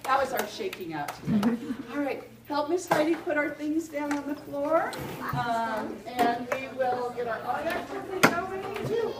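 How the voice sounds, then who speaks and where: A woman's voice: high voice, animated, unhurried. A woman teaching young children, leading songs and bird sounds in a playful sing-song manner. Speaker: preschool teacher. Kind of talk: children's movement song lesson. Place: large room with children. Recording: echoey room, far mic, loud chatter. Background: children chattering and noise.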